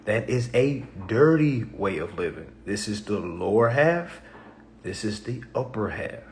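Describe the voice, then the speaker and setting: A man's voice: lowish voice, very animated, measured pace, a little mellow, a little hiss or hum. A man hosting a live stream, talking casually in a preachy, repetitive way, often asking "okay?" and acting out other people's doubting replies.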